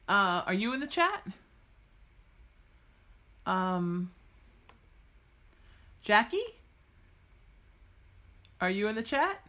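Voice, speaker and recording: A woman with a bright, forceful, medium-pitched voice hosts a psychic podcast. She chats casually and bluntly with viewers on a live stream, cheering them on with gushing, exuberant enthusiasm and breaking into cheers and bits of song.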